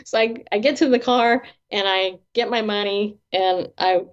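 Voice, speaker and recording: Guesting on an interview, a woman who works as a Christian therapist and writes books shares personal stories expressively, laughing a lot and performing the dialogue. Her medium-pitched voice has a clean tone at normal speed; she's not from the American South, and the recording is dull lo-fi.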